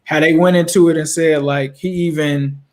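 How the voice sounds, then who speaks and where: A man hosting a casual live-stream chat, animated and leaning on "bro" as he talks. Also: a little high, moderate pace. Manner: animated, says bro a lot. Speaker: host.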